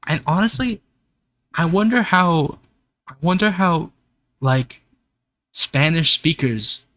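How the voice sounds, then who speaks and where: Slow-talking young man ranting on stream. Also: on the high side, expressive, fairly bright tone, no echo. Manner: ranting, swearing, laughing to chat. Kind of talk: casual livestream rant.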